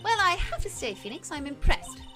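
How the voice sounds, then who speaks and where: A woman's voice: extremely high pitch, very animated, moderate pace, music in the background, pitched above the performer's own voice. A woman putting on a posh senior lady lawyer. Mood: encouraging. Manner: posh, encouraging.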